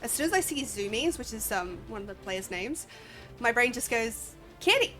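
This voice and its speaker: A woman's voice: fairly high pitch, animated, normal speed, fairly bright tone. A woman with an Australian accent chatting casually while streaming a game, sniffly and a bit drowsy, rambling and laughing often. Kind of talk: casual gameplay commentary. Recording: faint game music behind.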